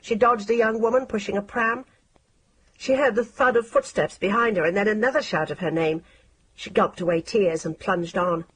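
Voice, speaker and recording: A woman narrating an audiobook in a measured, expressive reading style. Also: mid-range voice, breathy edge.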